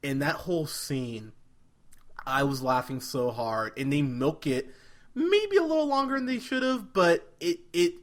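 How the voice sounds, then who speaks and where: A man's voice: on the high side, very animated, measured pace. A man co-hosting a movie podcast, chatting casually and animatedly, often laughing and restarting his sentences. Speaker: podcast co-host. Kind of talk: casual movie review chat.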